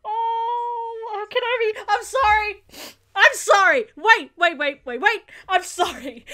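Excitable woman reacting to a show, shouty and apologetic, high voice. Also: a little slow. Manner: excitable, shouts and gasps often, apologizes a lot. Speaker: channel host reacting to a TV episode.

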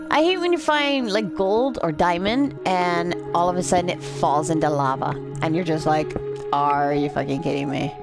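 Drunk woman narrating her gameplay, loose and profane, easily amused, very animated pitch. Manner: rambling, swears a lot, easily amused. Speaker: gameplay commentator. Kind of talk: rambling let's-play commentary.

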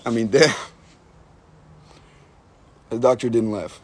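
A man's voice: medium pitch, slow pace, husky. Rambling, swearing young American man. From United States. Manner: rambling, profane, filler-heavy, joking. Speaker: livestream host. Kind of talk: casual livestream chat reading comments.

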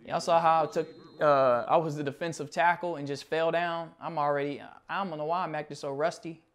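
A young man hosting a gaming channel, commenting on his football video game match as he plays, muttering through menus and shouting at big plays. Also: a little high, fairly even intonation, a little fast.

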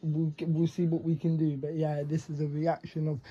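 A man talks through a reaction video in casual, excitable bursts, swearing freely and calling out to the screen. His voice sits high and sounds husky. The recording is dull and lo-fi. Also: moderate pace. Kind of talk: casual live reaction commentary.

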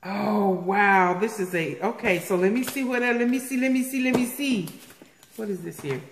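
A woman in a casual vlog, opening viewer mail. She gasps, repeats herself and gets excitable as she talks. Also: medium pitch, moderate pace. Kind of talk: casual unboxing chat. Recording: echoey room with faint noise.

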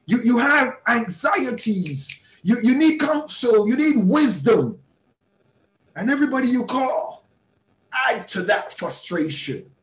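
Slow, high-voiced man teaching like a preacher. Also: very animated, roomy sound. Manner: emphatic, repeats words, bursts into sudden shouts. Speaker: bishop and mentor teaching a class. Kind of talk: motivational teaching talk in a preaching style.

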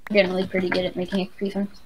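A woman's voice: on the low side, completely flat delivery, racing, crowd noise, poor audio. A woman casually chatting and joking while playing a game with a friend, rambling on. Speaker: let's play co-host. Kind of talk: casual gaming chat.

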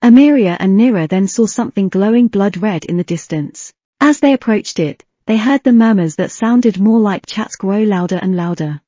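Woman reading a fanfic audiobook, mellow voice, dry dull recording. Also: medium pitch, moderate pace, hardly any pauses, dry recording. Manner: steady reading with occasional slips. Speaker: audiobook narrator. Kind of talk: fan fiction audiobook narration.

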